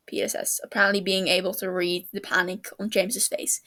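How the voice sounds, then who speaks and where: A woman reading fan fiction aloud, narrating the scenes in an even storytelling manner. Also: mid-range voice, brisk, hardly any pauses. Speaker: podfic reader.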